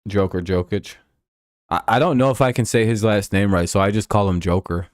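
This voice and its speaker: A man hosting a live stream, giving casual play-by-play and rambling, swearing chat between pitches. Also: brisk, dry recording, studio quality. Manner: rambling and profane, with frequent fillers.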